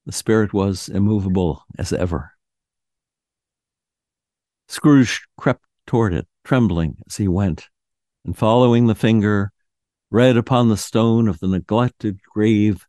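A man hosting a radio show, reading a classic ghost story aloud in a measured, solemn narration. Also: lowish voice, mellow, no echo, studio quality.

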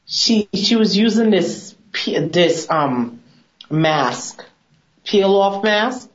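A woman esthetician talking in an animated, emphatic, chatty way as a guest on a TV segment, on a dull lo-fi recording. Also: mid-range voice, very slow. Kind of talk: casual TV chat.

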